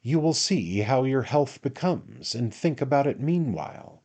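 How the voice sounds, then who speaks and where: A man voicing a kind, earnest older gentleman who gives gentle instructions in a storybook reading. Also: medium pitch, lively intonation, measured pace, voice pushed up. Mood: kindly, earnest.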